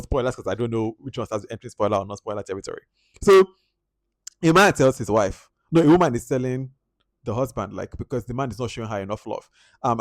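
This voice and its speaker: A man with a Nigerian accent giving a casual spoken film review, animated and exasperated, jumping into high outbursts and dropping to quiet asides. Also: no echo. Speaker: movie reviewer.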